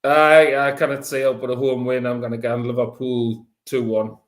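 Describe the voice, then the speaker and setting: A man's voice: medium pitch, level tone, normal speed, reverberant. A man co-hosting a casual football chat, giving short, laid-back predictions and teasing. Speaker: co-host.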